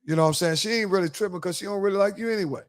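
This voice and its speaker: Man, high voice, podcast host, casual chat, profane storyteller, acts out quotes. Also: rapid-fire.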